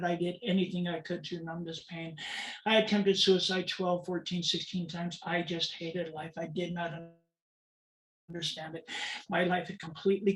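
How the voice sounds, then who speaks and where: A woman in her fifties from California, telling her life story as a guest speaker in an earnest, dramatic way and repeating phrases for emphasis. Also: fairly low pitch. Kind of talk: personal storytelling talk. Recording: roomy sound from a distant mic.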